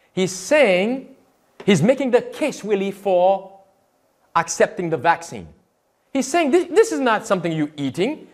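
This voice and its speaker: A man, a pastor, giving emphatic sermon-style commentary on video clips, repeating quotes and firing rhetorical questions. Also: high-pitched.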